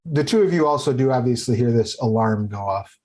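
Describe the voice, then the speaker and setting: A man narrating as game master for a tabletop game, talking casually and halting often over fillers and restarts. His pitch sits in an ordinary middle range. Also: animated, darkish tone.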